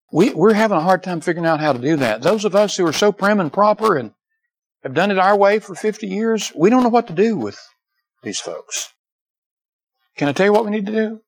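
An older pastor preaches a sermon, swinging between loud, emphatic peaks and quiet, low passages while repeating rhetorical questions to the congregation. He keeps saying "Can I tell you" and asks for amens. The low-quality recording carries a little hiss or hum.

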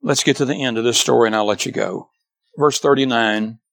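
An older man preaching a sermon as pastor, swinging from loud emphatic peaks down to quiet, low passages and repeating rhetorical questions to the congregation. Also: brisk, vocal fry, poor audio. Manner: repeats "Can I tell you" and asks for amens.

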